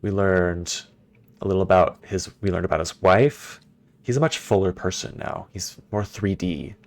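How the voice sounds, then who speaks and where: A man's voice: low-pitched, normal speed. A man streaming a puzzle game, chatting casually with his viewers and thinking aloud as he plays. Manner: chatty and playful, answers chat, thinks aloud. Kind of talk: casual live-stream commentary.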